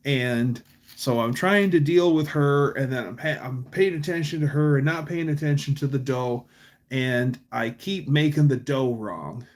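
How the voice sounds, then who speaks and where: A man hosting a livestream, telling long casual stories with restarts and animated quotes. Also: medium pitch, measured pace. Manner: rambling anecdotes with restarts, quotes voices animatedly. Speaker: livestream host.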